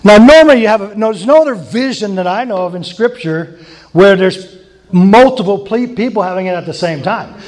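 A man's voice: high voice, animated, brisk. A man preaching an informal sermon, conversational, with chuckling asides and emphatic repetition.

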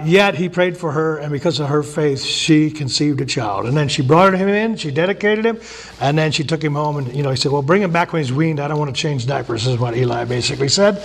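Male pastor with a fairly high voice, loose and folksy delivery, acts out the Bible characters. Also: expressive, fairly quick, gravelly. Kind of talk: sermon.

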